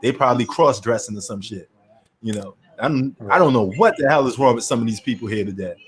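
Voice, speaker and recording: A man's voice: mid-range voice, fast talker. A man from New York hosting a casual sports chat, ranting bluntly and opinionatedly in slangy talk.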